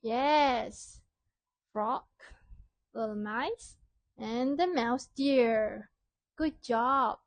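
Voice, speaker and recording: A woman teacher telling a story to young children, asking questions and praising answers clearly. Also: on the high side, drawn-out words, pauses often, no room sound.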